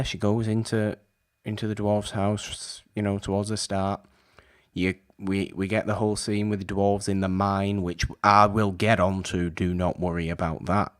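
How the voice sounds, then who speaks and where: A man co-hosting a podcast, chatting casually about an old film in an animated, exasperated, rambling way. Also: deep voice. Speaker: podcast co-host.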